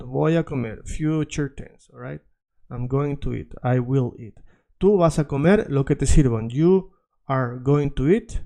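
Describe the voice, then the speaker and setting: Patient man teaching, dark voice. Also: fairly high pitch. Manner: explains patiently, repeats words, checks in with "all right?". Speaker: Spanish teacher. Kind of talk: video language lesson.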